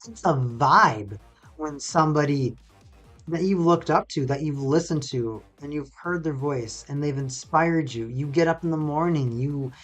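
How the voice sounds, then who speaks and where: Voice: mid-range voice, a little slow, soft background music. A laid-back, sarcastic streamer from North America, chatting casually and rambling on a live stream.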